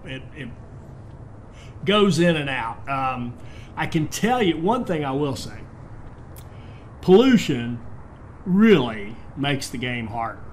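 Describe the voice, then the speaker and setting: A game commentator hosts a casual let's-play, remarking on his own gameplay and thinking aloud with fillers and restarts. His pitch is fairly high, with slight background noise.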